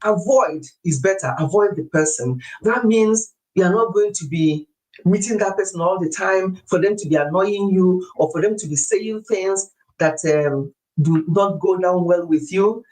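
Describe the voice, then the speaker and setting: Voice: mid-range voice, normal speed, a little mellow, rough recording. A live-stream host who gives earnest life advice, repeats key phrases for emphasis and leads a spoken prayer. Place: lives in the UK.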